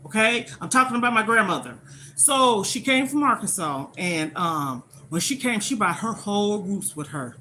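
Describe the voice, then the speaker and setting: An older woman talks on a casual live stream as she cooks in her home kitchen, her voice bright and forceful. She moves between firmly telling off rude viewers and warmly recalling her grandmother. A faint sizzle sits behind her phone mic. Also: mid-range voice, expressive, moderate pace, a little hiss or hum, low-quality recording. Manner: scolding rude viewers, then fond reminiscing. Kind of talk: casual live-stream chat while cooking.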